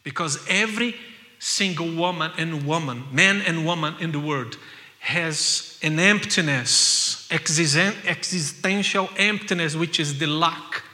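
A man preaching a sermon with passion, repeating key phrases and building to loud cries. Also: on the high side, a little slow. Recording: long hall reverb.

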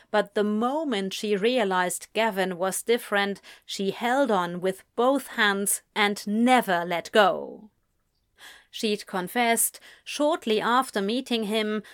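Slow, measured woman narrator. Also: mid-range voice. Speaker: audiobook narrator. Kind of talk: scripted narration.

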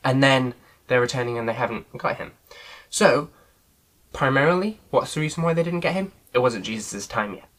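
A man's voice: medium pitch, expressive, moderate pace, a bit bright, low-quality recording. A man leading an online Bible study in a casual teaching style, earnest and loosely phrased with frequent filler sounds.

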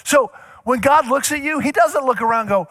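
A male pastor preaching a sermon, animated, acting out little scenes for the congregation. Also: extremely high pitch, fairly quick, dry recording, clean studio sound.

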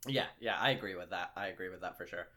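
A man hosting a podcast, chatting casually in a brisk, wry, teasing way. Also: sits low, sharp tone. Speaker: podcast host. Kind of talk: casual chat.

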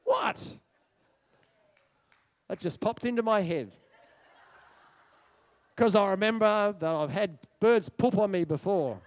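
A man preaching a sermon in a loud, excitable and emphatic way. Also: high voice, slow, long pauses.

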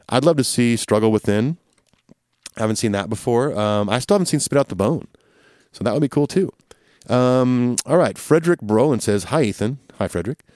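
Easygoing low-voiced man hosting a podcast. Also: darkish tone, dry recording, clean studio sound. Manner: easygoing and rambling, with many fillers and restarts. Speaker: podcast host. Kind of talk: casual chat answering listener questions.

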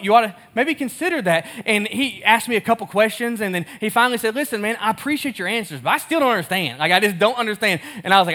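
A man's voice: high voice, pushed and bright. A man preaching a sermon in a casual, conversational way, telling a story and acting out both sides of the dialogue. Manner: casual and conversational, laughs at himself. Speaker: pastor.

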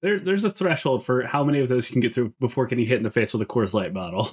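A man's voice: mid-range voice, fast, breathy edge. A man co-hosting a podcast, joking along casually and stammering as he starts sentences. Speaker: podcast co-host. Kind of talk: casual chat.

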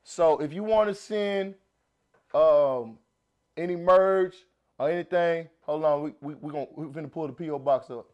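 A man with a Southern accent hosting a casual podcast, animated and laughing, restarting his sentences often. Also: fairly high pitch, moderate pace, highs cut off. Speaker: podcast host.

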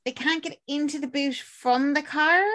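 A woman's voice: high-pitched, fairly even intonation, fairly bright tone. A woman, casually recapping a film in chatty, swearing banter. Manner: chatty, swearing, acts out lines in quick voices.

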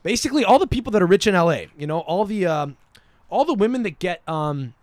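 Podcast host, young man, slightly high voice, rambling profane banter, dry close sound. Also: sing-song, quick pace, no room sound. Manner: profane, joking, laughs often; scattered, many fillers and restarts. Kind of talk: casual rambling podcast chat.

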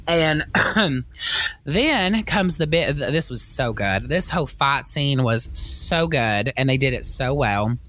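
A man's voice: mid-range voice, lively intonation, slow, fairly bright tone. A man co-hosting a casual movie-review podcast, rambling with many fillers and restarts, swearing freely and acting out scenes. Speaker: podcast co-host.

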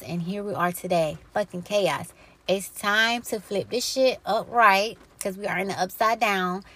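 A woman hosting her own podcast, talking in a blunt, profane, preachy way and firing off emphatic rhetorical questions. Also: medium pitch. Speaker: podcast host. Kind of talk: impassioned solo podcast monologue.

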